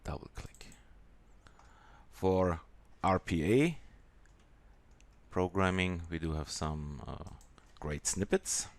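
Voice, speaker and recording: A man with a German accent walking through a software tutorial in a halting way, with many pauses and fillers. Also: low-pitched, lively intonation, no room sound. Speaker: software demonstrator.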